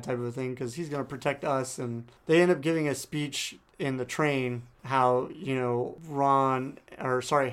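A man's voice: mid-range voice, clear, resonant tone. A man co-hosting a podcast, casually retelling a book with lots of fillers. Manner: loose retelling, many fillers. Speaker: podcast co-host.

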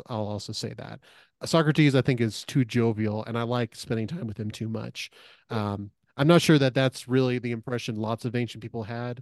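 A man's voice: mid-range voice, a little mellow, no room sound, studio quality. A man co-hosting a podcast, talking things through in a casual, thoughtful way with many fillers and restarts. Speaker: podcast co-host. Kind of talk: casual discussion.

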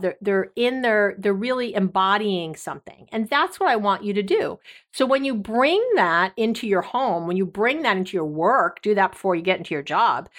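Chatty effusive woman podcast host. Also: medium pitch. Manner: warm, effusive, chatty with many fillers. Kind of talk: casual podcast monologue.

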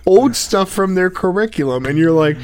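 A man's voice: high-pitched, animated, normal speed, crowd noise. A young man teasing and arguing sarcastically in casual banter.

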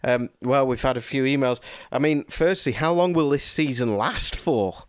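A man co-hosts a laid-back podcast, drifting from one joke to the next and often poking fun at himself. His voice sits at an ordinary middle pitch. The sound is close and dry, with hardly any room echo. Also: moderate pace, clear, resonant tone. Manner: rambling, jokey, self-deprecating. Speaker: podcast co-host. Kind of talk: casual chat.

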